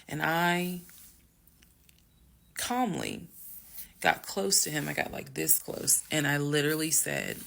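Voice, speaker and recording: A woman telling a story from her own life to viewers, emphatic and direct, dropping to hushed whispers and rising to loud bursts. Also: deep voice, takes it slowly, gravelly, pauses often. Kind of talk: storytime monologue.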